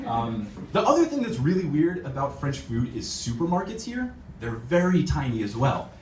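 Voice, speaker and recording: A young American man performs stand-up in a club, and his voice swings widely in pitch as he tells his stories. He keeps breaking into laughter at his own jokes. The sound is roomy and a little distant, with faint room noise underneath. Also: huge pitch swings, normal speed. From United States. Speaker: stand-up comedian. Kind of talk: stand-up set. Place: comedy club stage.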